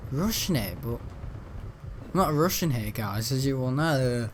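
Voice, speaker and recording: This north-west English man hosts a gaming channel, offering rambling, joke-filled commentary on his gameplay and frequently giggling. His mid-range voice moves with lively intonation at an unhurried pace, with a little hiss or hum underneath.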